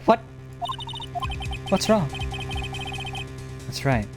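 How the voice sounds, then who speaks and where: A man reads a flustered young defense lawyer in a dramatic game, his lively voice stammering and jumping up high when he panics. Faint music plays underneath. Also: extremely slow, heavily acted. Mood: puzzled.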